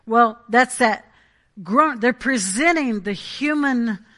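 A woman's voice: on the high side, normal speed, fairly bright tone. A woman preaching a Pentecostal sermon, emphatic and conversational, often checking in with the congregation.

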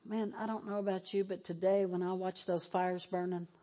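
A woman's voice: fairly low pitch, little pitch movement, moderate pace, warm tone. A woman preaching a sermon in a church, moving between fervent exhortation and tearful emotion. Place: church sanctuary, televised.

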